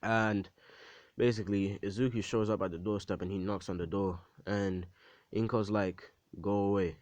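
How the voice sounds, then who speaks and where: A man's voice: on the low side, steady tone, moderate pace, a little mellow, no room sound, rough recording. A man casually retelling a fan story in a rambling way, full of fillers.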